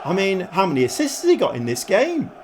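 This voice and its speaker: Excitable man commentating football. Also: high-pitched, fairly quick, noisy background. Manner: commentates like a football pundit, with sudden excited outbursts. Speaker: gaming YouTuber.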